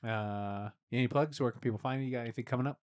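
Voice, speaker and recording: A man hosting a casual podcast interview, playfully building absurd what-if scenarios with his guest. His voice sits at an ordinary middle pitch and his delivery is loose and easygoing. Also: rapid-fire, no echo, clean studio sound. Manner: playful, spins comic scenarios. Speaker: podcast host.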